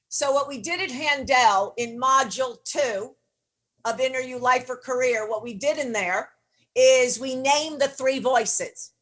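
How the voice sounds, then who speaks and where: Blunt, bright-voiced female coach. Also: on the high side. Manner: blunt, emphatic, with casual swearing. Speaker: leadership and performance coach. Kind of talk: motivational teaching session.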